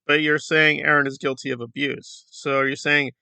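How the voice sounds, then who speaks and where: A man's voice: on the high side, level tone, moderate pace, gravelly, pushed and bright, smooth, no echo. A man giving sarcastic, mocking commentary on an online video feud. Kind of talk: reaction commentary.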